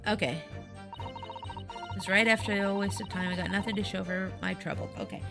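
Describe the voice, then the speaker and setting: A woman's voice: medium pitch, fairly quick, vocal fry, music in the background. A woman with a Southern US accent layered with Midwestern, chatting and cheering herself on while streaming a game. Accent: Southern US with Midwestern overlay. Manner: chatty, giggly, self-encouraging. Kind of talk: casual gameplay commentary.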